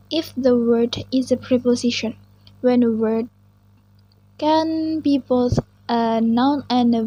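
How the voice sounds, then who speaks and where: A young woman reading out a class presentation slowly and carefully, with small restarts. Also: fairly high pitch, a little mellow, rough recording. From Indonesia. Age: young adult. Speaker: student presenter.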